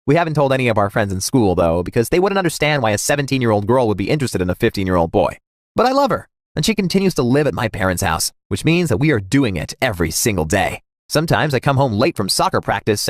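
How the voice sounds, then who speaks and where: A man narrating a scripted first-person story in a dramatic, animated way. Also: medium pitch, fast talker, dry recording, clean studio sound.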